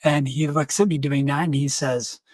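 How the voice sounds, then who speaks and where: A man hosts a podcast and tells a personal story in an animated way, slipping into the voices of the people in it. His voice sits a little high for a man. The recording is close and dry, with no room sound. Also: moderate pace, no room sound. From United States. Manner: animated, acts out quoted voices. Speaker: podcast host. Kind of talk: storytelling in conversation.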